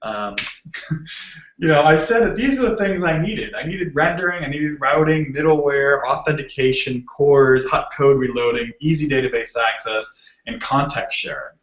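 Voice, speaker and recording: A man's voice: on the high side, moderate pace. Boston-accented man giving a casual tech talk. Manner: casual and joking, lots of ums. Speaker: guest speaker. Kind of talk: technical talk. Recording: roomy muffled video call audio.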